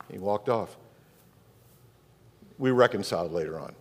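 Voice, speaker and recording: A man's voice: lowish voice, animated, moderate pace, pauses often, husky, in a large hall. A male pastor, preaching a sermon in a church in a conversational way, asking his listeners questions as he goes.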